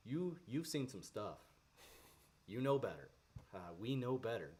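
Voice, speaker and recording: A man's voice: medium pitch, sing-song, unhurried, darkish tone, husky. A man giving an earnest, conversational devotional talk on faith, with frequent fillers and restarts. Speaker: Christian devotional speaker. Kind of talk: casual devotional teaching.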